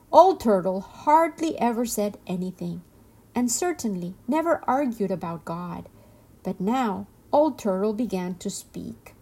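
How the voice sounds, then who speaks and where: A woman host reading a storybook aloud, slow and expressive, lingering on words. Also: medium pitch, slightly rough.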